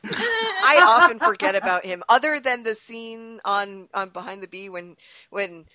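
A woman co-hosting a casual podcast, chatty and giggly, with a lively voice. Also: a little high, measured pace. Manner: giggly, animated, swearing. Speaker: podcast co-host. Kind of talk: casual chat.

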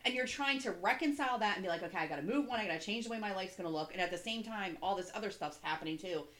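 A woman's voice: medium pitch, animated, very fast, fairly bright tone. A young woman co-hosting a casual podcast, talking in a candid, rambling way. Her sentences are full of fillers and restarts. She swears freely as she goes. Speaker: podcast co-host. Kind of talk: casual chat.

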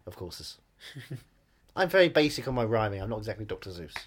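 A man trading jokes on a comedy podcast, his voice jumping about in pitch. He swings from loud bursts to low, muttered asides in casual banter. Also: a little fast, background noise. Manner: animated, jokey, swings between loud and muttered. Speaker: podcast co-host.

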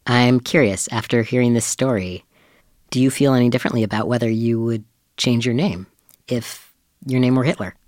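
A man's voice: medium pitch, normal speed, darkish tone, dry recording, studio quality. A man working as a reporter, asking questions in a conversational, dryly joking way. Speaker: reporter and producer. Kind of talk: conversational interview.

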